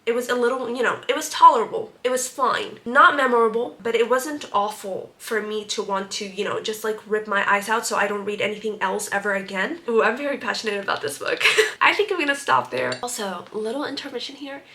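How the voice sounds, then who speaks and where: A young woman talks through her book reviews in a casual, animated way, with plenty of exasperated sarcasm. Her voice is bright and sits a little high for a woman.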